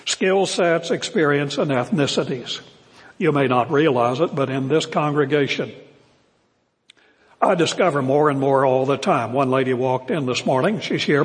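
An older male pastor preaching a sermon to his congregation, earnest and emphatic, slowing down to stress key words. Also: on the high side. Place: church sanctuary. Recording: long reverb of a church hall.

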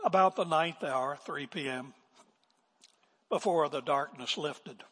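An older man preaching a sermon as pastor, swinging from emphatic declarations to hushed asides. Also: fairly high pitch, takes it slowly, breathy edge. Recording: long reverb of a large hall.

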